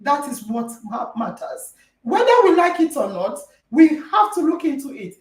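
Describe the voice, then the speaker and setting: Female podcast host, very high and lively voice, insistent and argumentative, distant mic with a roomy echo. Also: normal speed. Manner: emphatic, argumentative, repeats phrases for stress. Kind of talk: heated debate moderation. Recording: echoey room, distant mic.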